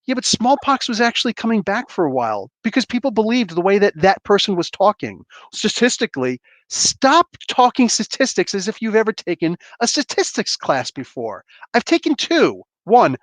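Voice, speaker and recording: Blunt, ranting man with a higher voice. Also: very animated, moderate pace, hardly any pauses, fairly bright tone, dry recording. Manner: blunt, heated, rambling. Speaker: livestream host. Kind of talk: casual livestream rant.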